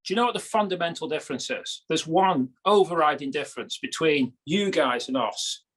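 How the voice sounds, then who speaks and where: High-voiced British man bantering. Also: lively intonation, brisk, fairly bright tone. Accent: British English. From Britain. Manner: jokey, anecdotal banter. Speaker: guest. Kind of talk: casual podcast chat.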